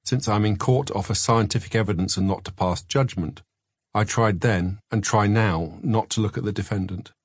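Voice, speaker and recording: A man narrating his memoir as a scripted audiobook, measured and matter-of-fact. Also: fairly low pitch, dry recording, clean studio sound.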